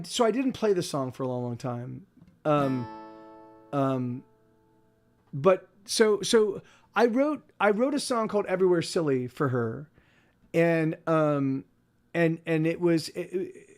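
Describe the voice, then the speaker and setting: A man who works as a musician tells a story casually on a livestream, rambling and cutting himself off. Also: on the high side. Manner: rambling, self-interrupting, softly spoken. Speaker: working musician and streamer.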